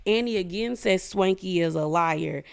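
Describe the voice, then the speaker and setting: This reality-show recapper has a fairly low, gravelly voice with a clean tone and a moderate pace. She talks straight to her audience, casual and slangy, serving up gossipy opinions.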